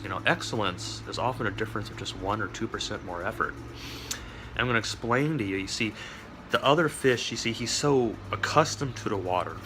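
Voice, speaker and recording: A man's voice: lowish voice, pushed and bright. A man rambling through a wry, digressive monologue, full of asides and chuckles. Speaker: vlogger.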